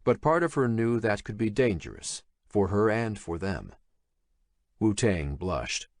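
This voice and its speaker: A man narrates a thriller audiobook, his low voice moving expressively through the lines. He reads in a measured way. The recording is close and dry. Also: animated, no room sound. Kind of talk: scripted horror thriller narration.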